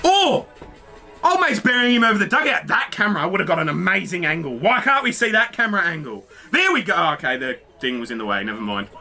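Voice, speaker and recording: Guy, reaction host: high, sharp, excitable, swears a lot. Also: quick pace, creaky, faint music behind. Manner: excitable, swears freely, talks to the screen. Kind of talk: casual reaction commentary.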